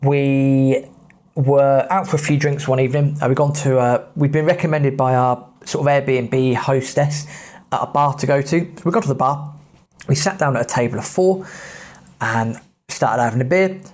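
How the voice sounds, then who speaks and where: A man's voice: mid-range voice, fairly even intonation, normal speed, a little mellow. An English man in his thirties hosting a podcast, telling travel stories in a chatty, blunt way with British slang. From England. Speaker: podcast host. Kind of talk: casual travel storytelling.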